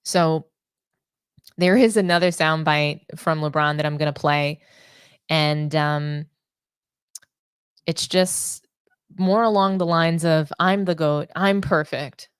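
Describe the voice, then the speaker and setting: A woman's voice: deep voice, fairly even intonation, slow pace, pauses often, smooth, no echo, clean studio sound. A young adult woman hosting a sports show, delivering opinionated commentary with indignant, sarcastic rhetorical questions.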